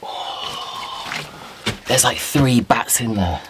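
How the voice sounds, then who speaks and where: A man giving chatty, excitable commentary to camera as he explores woodland outdoors. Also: medium pitch, normal speed, background noise. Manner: chatty, excitable, talks to himself while exploring. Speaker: bushcraft vlogger.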